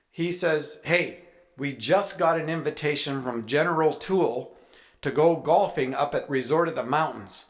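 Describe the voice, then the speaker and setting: A man, a guest author at a writers' event, telling a personal story to a live audience in a conversational way, acting out the dialogue. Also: fairly high pitch. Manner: conversational, acts out dialogue in his stories.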